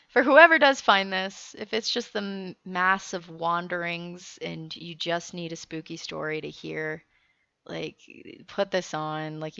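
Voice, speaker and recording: Young woman host telling a story, bright punchy voice, laughs a lot, kinda muffled recording. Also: fairly low pitch, vocal fry, no room sound. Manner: animated, laughing often, swearing freely. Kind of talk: casual storytelling. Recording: dull lo-fi recording with faint music.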